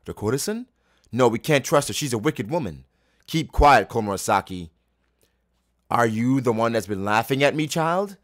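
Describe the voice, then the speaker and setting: A man reading a manga aloud and voicing a paranoid, boastful shogun who shouts indignantly. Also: mid-range voice, lively intonation, normal speed, no echo, clean studio sound, lightly acted. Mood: angry shouting.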